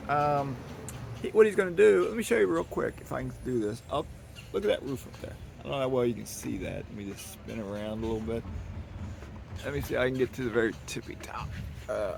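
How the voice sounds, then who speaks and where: A man with a strongly gravelly, creaky voice rambles folksily as he shows off his dock. He is recorded outdoors on a handheld camera while walking, with faint birdsong and light hiss behind him. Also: medium pitch. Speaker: vlogger giving a property tour. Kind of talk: casual walk-and-talk tour. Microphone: handheld camera carried while walking.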